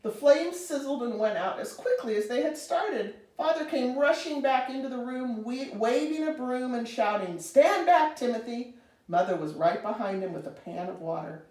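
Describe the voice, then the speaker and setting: A woman reading a children's storybook aloud in an expressive, animated way. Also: on the high side, far from the mic. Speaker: storybook reader. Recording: roomy, reader away from mic.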